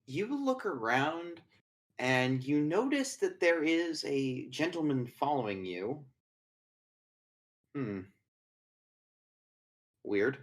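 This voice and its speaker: A man's voice: on the high side, sing-song, slow pace, pauses often. Man, game master, casual rambling narration, tabletop game. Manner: casual, rambling, swears, many fillers.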